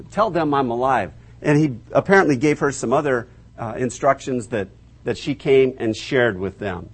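A man preaching a lively storytelling sermon, asking his listeners questions and acting out the voices of the people in the story. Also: on the high side, breathy edge. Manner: acts out voices of biblical figures, asks the audience questions.

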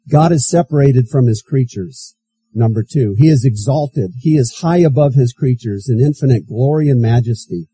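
A man's voice: mid-range voice, dark tone, slightly rough, no room sound, low-quality recording. A man preaching a sermon as pastor, reading scripture aloud and repeating key phrases for emphasis.

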